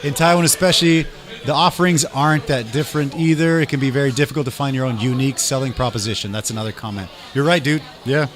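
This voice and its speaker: A man's voice: medium pitch, quick pace. Chatty man telling stories. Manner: lively storyteller who acts out dialogue, peppered with "man" and "dude". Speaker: guest musician and restaurant owner. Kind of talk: casual chat.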